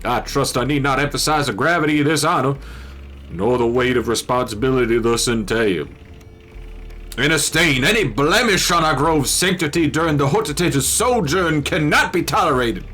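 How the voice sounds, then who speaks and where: A man's voice: medium pitch, moderate pace, sharp tone, pitched above the performer's own voice. Man putting on a Southern-accented tree-cult preacher. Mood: solemn, grandiose. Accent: Southern US put-on. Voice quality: grandiose, sermonizing. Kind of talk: reading game text aloud in character.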